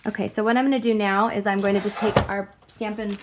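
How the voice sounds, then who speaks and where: A woman's voice: medium pitch, brisk, hardly any pauses, a bit bright, slight background noise. A woman hosting a crafting tutorial, talking chattily through each step in a bubbly way and giggling at herself. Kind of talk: casual step-by-step demonstration.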